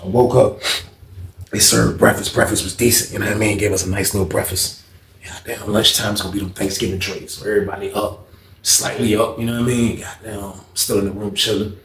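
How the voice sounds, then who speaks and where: A man telling a casual, profane jail story in an animated way, acting out what people said. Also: lowish voice, a little fast, slight background noise. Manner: animated, profane, acts out quotes loudly. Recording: echoey room.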